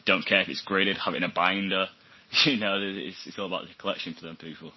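Male podcast guest, low and husky, easygoing; dull lo-fi recording. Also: fairly even intonation, fast talker. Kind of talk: casual podcast chat. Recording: dull lo-fi sound.

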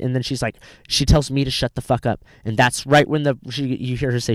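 Young man, casual podcast chat, profane storytelling, smooth clear voice, dry close sound. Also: mid-range voice, fairly even intonation, a little fast, few pauses, no echo. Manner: profane storytelling, mimics people in a raised voice.

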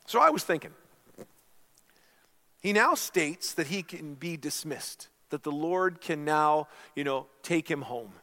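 A man's voice: on the high side, animated, a little slow, sharp tone. A middle-aged man preaching a sermon as a pastor, telling stories earnestly and calling his listeners friends.

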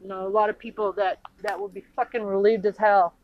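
A woman from the United States in an angry, profane political rant, indignant and halting, with many restarts. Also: medium pitch, level tone, dull audio.

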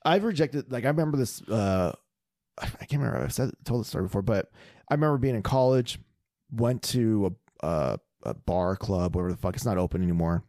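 A man's voice: lowish voice, lively intonation, a little fast, darkish tone, dry recording, studio quality. A young adult man co-hosting a podcast, talking loosely and swearing a lot as he tells stories full of fillers. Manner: loose, profane, storytelling with lots of fillers. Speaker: podcast co-host. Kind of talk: casual chat.

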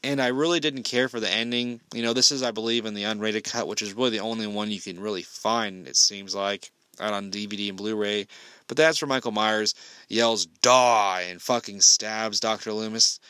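A man's voice: on the low side, steady tone, fairly quick, pushed and bright, clean tone, dry recording. A man giving a casual spoken film review, ranting bluntly and swearing heavily.

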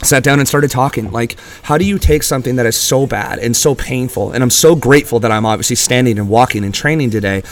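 A man's voice: mid-range voice, fast talker, few pauses. A young man co-hosting a casual motivational podcast from a gym, earnest and encouraging, swearing casually as he talks. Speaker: podcast co-host.

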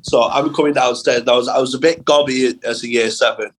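A young man, a comedian guest on a podcast, telling animated school anecdotes in casual chat with plenty of swearing. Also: medium pitch, brisk, a little hiss or hum, poor audio.

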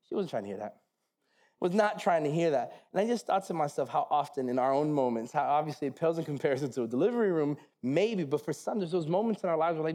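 A man's voice: on the high side, fast talker. A man in his thirties preaching a sermon, telling a funny personal story and acting out the voices with self-mocking humor. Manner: animated, acts out quotes, self-mocking humor. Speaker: pastor.

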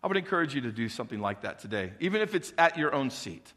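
Talking fast with big pitch swings, a male pastor delivers a fervent sermon with growing intensity, putting call-and-response questions to the congregation. His medium-pitched voice is fairly bright, and the church auditorium leaves a long reverb tail.

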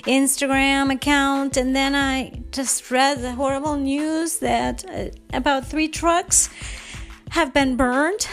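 A woman's voice: high-pitched, fairly even intonation, takes it slowly, faint music behind. A woman hosting a fitness podcast in an earnest, heartfelt monologue, upset and close to tears.

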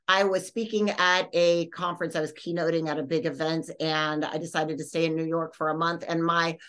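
A woman podcast host telling a story in a rambling, animated way, full of fillers and restarts. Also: sits low, fairly quick. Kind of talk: casual storytelling.

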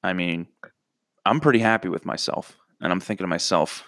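Low-voiced man telling crude comic stories. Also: animated, moderate pace, fairly bright tone, no echo, studio quality. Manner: profane, rambling and self-mocking. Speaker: comedic storyteller. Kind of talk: crude comedic storytelling.

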